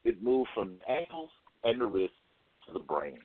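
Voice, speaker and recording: A man's voice: lowish voice, sing-song, moderate pace, husky, dry recording. A man calling in to a talk radio show, talking bluntly in street slang and restarting his thoughts. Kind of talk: casual call-in commentary. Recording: tinny dry phone line.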